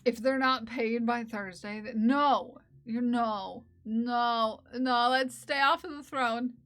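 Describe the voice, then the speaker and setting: A woman's voice: on the high side, fairly even intonation, slow pace, fairly bright tone. A woman live streamer chatting casually with her viewers while knitting, playfully and teasingly scolding them in mock outrage. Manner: giggly and teasing.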